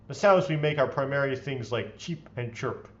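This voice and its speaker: A man reads visual novel lines aloud with playful theatrical flair as the host of a let's play, mixing in his own remarks. His voice sits at an ordinary middle pitch. The home recording sounds dull and a bit lo-fi. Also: normal speed, slight background noise. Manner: expressive, playfully theatrical reading. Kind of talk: reading visual novel text aloud with commentary.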